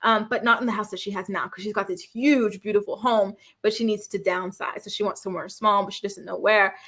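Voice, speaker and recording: A woman's voice: medium pitch, fairly even intonation, a little fast, a bit bright. A woman, casually recapping a reality show with sassy, exasperated commentary. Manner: sassy, exasperated, lots of fillers and laughs.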